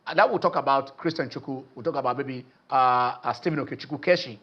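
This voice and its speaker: A Nigerian man hosting a sports phone-in show, excitable and repetitive, often trailing off mid-sentence. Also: medium pitch, fast talker, lo-fi sound. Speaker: sports talk show host. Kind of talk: animated phone-in sports talk.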